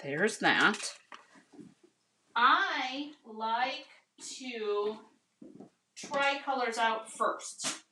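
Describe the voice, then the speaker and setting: A woman's voice: on the high side, lively intonation, very slow, long pauses, sharp tone, slight background noise. An American woman chatting casually with viewers as she demonstrates a card-making project, calling them "you guys" and "honey.". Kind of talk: casual craft tutorial.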